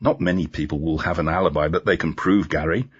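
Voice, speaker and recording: A man's voice: deep voice, fast, husky, highs cut off. A man voicing a dry, teasing woman police inspector in a storybook reading. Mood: wry.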